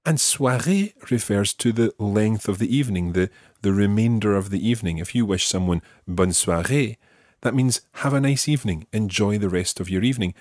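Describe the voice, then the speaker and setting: A man's voice: on the low side, normal speed, a little mellow, no room sound, studio quality. A man teaching beginners in a podcast lesson, patiently explaining each phrase step by step and modelling its pronunciation. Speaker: language teacher.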